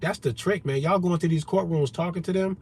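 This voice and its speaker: A man's voice: sits high, brisk, darkish tone, slight background noise. A man in an unscripted monologue, talking straight at his listeners in a profane, confrontational, heated way. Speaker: vlogger.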